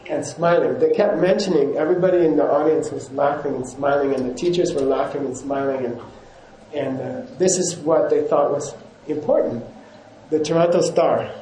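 Mellow higher-voiced man teaching, echoey room. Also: slight background noise. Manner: rambling, chuckles often, self-correcting. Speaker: yoga teacher. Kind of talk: casual teaching talk to a class.

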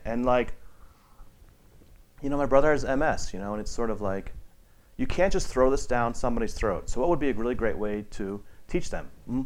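A man with a middling pitch gives an informal meditation teaching, a casual talk to a group. His manner is rambling and conversational, full of restarts and fillers, and he livens it up by acting out the people he quotes.

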